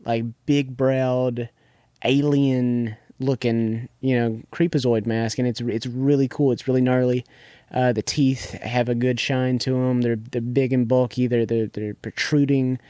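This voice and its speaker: A man's voice: medium pitch, fairly even intonation, a little slow, mellow, clean tone, no room sound, studio quality. Rambling young man on a podcast. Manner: rambling, restarts often, heavy use of "like". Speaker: podcast co-host. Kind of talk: casual chat recapping a TV episode.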